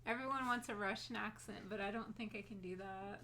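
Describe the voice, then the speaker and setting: Bright-voiced woman co-streaming a game. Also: mid-range voice, fairly even intonation, a little fast, a little hiss or hum. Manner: self-doubting, laughs easily. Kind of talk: casual let's-play chat.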